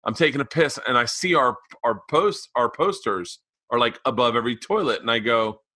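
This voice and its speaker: A man's voice: mid-range voice, moderate pace, pushed and bright, dry recording. Man telling a story, laughing, dry sound. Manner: laughs through his own story. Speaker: comedian and podcast co-host. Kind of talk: animated storytelling.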